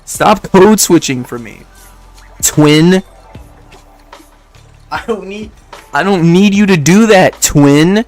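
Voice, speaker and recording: A man's voice: sits high, expressive, a little slow, soft background music. A man in his twenties from Detroit, chatting casually with stream viewers in a rambling way, laughing often and filling with "like". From Detroit, United States. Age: 20s.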